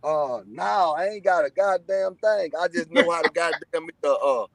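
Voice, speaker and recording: High-voiced profane man. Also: animated, moderate pace, creaky, no room sound. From Texas. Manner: profane, boastful, rambling storytelling. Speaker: YouTuber telling prison stories. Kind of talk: casual livestream chat.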